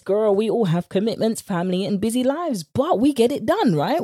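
British woman host, 30s, chatty coaching podcast, lively pitch, mellow tone, dry close sound. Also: fairly quick, few pauses, no room sound. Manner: chatty and animated, addresses listeners as "girl". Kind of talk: casual podcast monologue.

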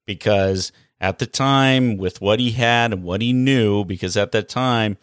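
A man's voice: fairly low pitch, a little slow, hardly any pauses, clear, resonant tone, no echo, clean studio sound. Sarcastic man ranting about hockey. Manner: animated, sarcastic, rhetorical questions. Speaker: hockey vlogger. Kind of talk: casual opinion rant.

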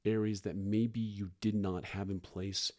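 A middle-aged man, a foster parent, talking candidly and earnestly as a podcast guest, often pausing and restarting. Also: on the low side, level tone, dark tone. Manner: earnest, halting, frequent restarts and fillers.

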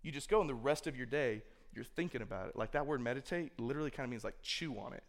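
A man with a mid-range voice speaks fast in a relaxed sermon to a roomful of young people. He's loose and chatty, peppering his talk with "like" and dramatizing what someone might be thinking.

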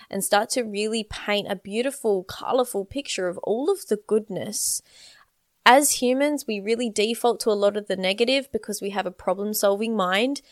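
A woman's voice: mid-range voice, no room sound, studio quality. A woman, talking as a relationship coach in an earnest, flowing coaching monologue with casual swearing.

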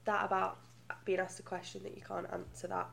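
A woman co-hosting a podcast, telling stories in an animated, giggly way. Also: medium pitch, brisk, vocal fry, slight background noise. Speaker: podcast co-host. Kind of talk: casual podcast chat.

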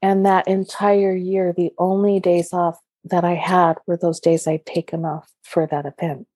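A woman telling personal stories in conversation, animated and laughing often. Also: on the low side, a little slow, no room sound. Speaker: guest. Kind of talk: conversational storytelling.

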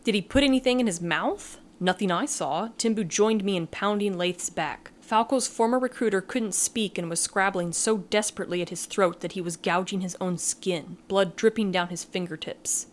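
A woman reading a first-person adventure story aloud with dramatic, measured delivery. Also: mid-range voice. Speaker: story narrator.

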